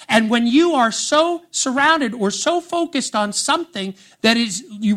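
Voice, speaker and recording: A pastor giving a sermon in a church service. He speaks with emphasis, slows down to read scripture aloud, and adds conversational asides to the congregation. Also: sits high, fairly bright tone.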